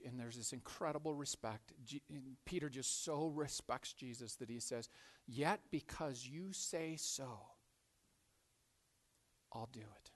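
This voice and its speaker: A man preaching a sermon, telling a story with animated swings from loud to hushed and frequent repeated words. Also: mid-range voice. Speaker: pastor.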